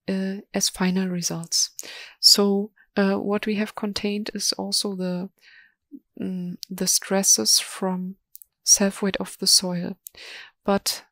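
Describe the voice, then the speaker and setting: Woman doing a software demo, slow and flat, gravelly edge, lots of ums, dry close mic. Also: mid-range voice, dry recording. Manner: slow, hesitant, many ums and restarts. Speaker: software presenter. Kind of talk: live software demo webinar.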